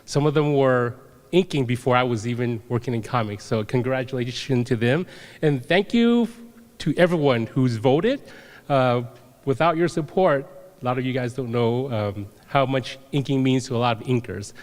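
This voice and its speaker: A man giving a humble, halting acceptance speech on a convention stage, earnestly thanking voters and fellow nominees. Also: medium pitch. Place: large convention hall stage. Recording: long hall reverb.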